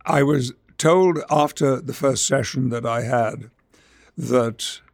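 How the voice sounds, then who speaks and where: An older male actor from Yorkshire, England, with a gravelly, mid-range voice, speaks in trained English stage speech. As an interview guest, he talks in a measured, theatrical manner and also reads dramatic verse.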